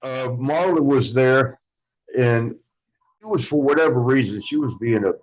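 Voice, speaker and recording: A former wrestler as an interview guest, telling stories casually in a rambling way, swearing freely and acting out what others said. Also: male voice, mid-range voice, measured pace, lo-fi sound. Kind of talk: casual storytelling.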